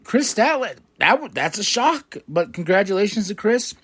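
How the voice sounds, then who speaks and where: A man hosting a podcast, recapping events with animated swings from low mutters to loud excited outbursts and casual swearing. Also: slightly rough. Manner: swears casually, quick asides. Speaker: podcast host.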